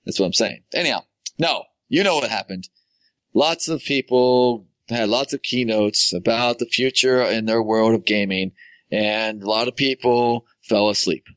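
A man's voice: lowish voice, moderate pace, fairly bright tone, smooth, dry recording. A man co-hosting a casual gaming podcast, playful and rambling. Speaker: podcast co-host. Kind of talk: casual chat.

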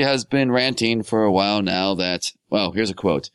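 A man's voice: fairly low pitch, unhurried, hardly any pauses, fairly bright tone, smooth, no room sound. A man co-hosting a gaming podcast, teasing and sarcastic in casual banter. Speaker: podcast co-host.

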